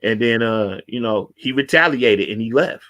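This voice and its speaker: A man hosting a casual talk show, telling a street story with lively acted-out quotes. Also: medium pitch, moderate pace, highs cut off. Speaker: podcast host.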